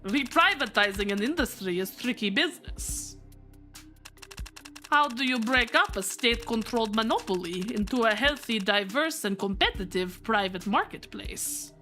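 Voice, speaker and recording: A woman voicing a scheming, menacing male oligarch in a game, with a shaky put-on Russian accent that slides toward French, delivered slowly. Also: a little high, big pitch swings, bright, forceful tone, faint music behind, full character voice. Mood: smug. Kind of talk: voice acting a visual novel on stream.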